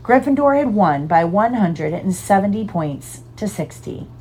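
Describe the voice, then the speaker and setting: A woman reading a storybook aloud in an expressive, animated way. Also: medium pitch, measured pace, a little hiss or hum. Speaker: reader.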